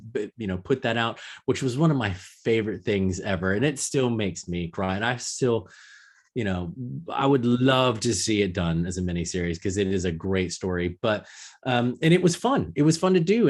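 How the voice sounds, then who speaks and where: A man on a podcast as a guest, chatting casually with a halting delivery and frequent restarts. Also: lowish voice. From grew up as a military kid on Okinawa. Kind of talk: casual conversation. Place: lives in London.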